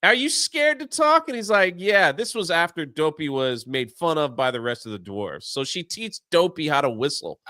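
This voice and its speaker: A high-pitched man with a bright, crisp voice tells a film's plot in a casual chat. He keeps slipping into quick put-on voices for the characters as he goes. The sound is close and dry. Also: no room sound. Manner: animated retelling, acting out characters' lines in quick put-on voices. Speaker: show host. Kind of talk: casual movie recap chat.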